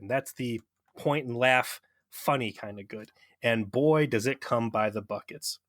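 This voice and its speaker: Male co-host, casual rambling recap, mid pitch, dry mic. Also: fairly bright tone, no echo. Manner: rambling, profane, amused recapping. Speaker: podcast co-host. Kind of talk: casual chat.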